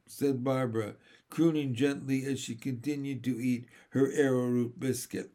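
A man reading a children's story aloud in a gentle, measured narration. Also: mid-range voice, fairly even intonation. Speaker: reader.

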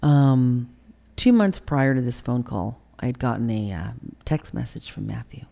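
A woman's voice: rumbling low, unhurried, gravelly, warm tone. A woman in her sixties, an interview guest telling a candid personal story, acting out past conversations and often sinking to a whisper. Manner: reenacts conversations, dropping into whispers.

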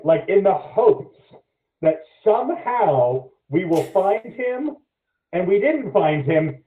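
A man telling a story as a podcast guest in casual chat, animated and swearing freely. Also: high voice, takes it slowly. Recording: echoey, phone-like lo-fi audio.

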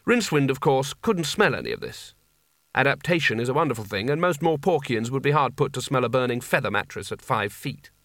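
Casting: measured, wry male audiobook narrator, mid-range pitch, dry studio sound. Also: sing-song, fairly bright tone, dry recording. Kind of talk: scripted narration.

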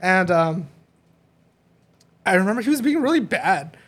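Young man, podcast co-host, casual chat, animated storyteller, laughs often, lively swinging pitch, faint background noise. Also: unhurried.

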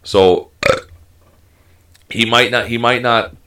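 A man's voice: medium pitch, steady tone, slow, sharp tone. A man co-hosting a casual sports chat, talking heatedly and emphatically with lots of swearing. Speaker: podcast co-host.

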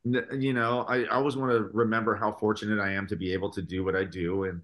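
Animated man telling band stories. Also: fairly low pitch, quick pace. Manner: animated storytelling, full of fillers. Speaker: guest musician. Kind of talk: casual podcast interview.

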